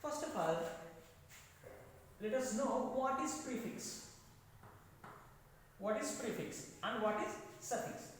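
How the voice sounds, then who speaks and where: Male teacher, slow and repetitive, lively high voice, distant mic in an echoey classroom. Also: slight background noise. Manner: slow, repeats phrases, many hesitations. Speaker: English teacher. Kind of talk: classroom lecture.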